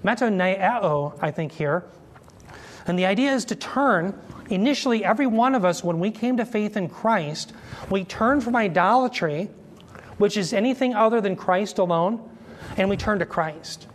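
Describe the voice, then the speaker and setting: A man teaching an expository sermon, explaining Greek terms slowly and asking his listeners questions as he goes. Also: high-pitched, expressive. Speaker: Bible teacher.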